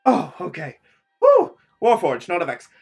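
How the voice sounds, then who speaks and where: A man's voice: sits high, huge pitch swings, measured pace, darkish tone, husky, heavily acted. A man playing a nervous, stammering townsman. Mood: flustered. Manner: flustered, rambling, stammering. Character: nervous, apologetic male townsman guide.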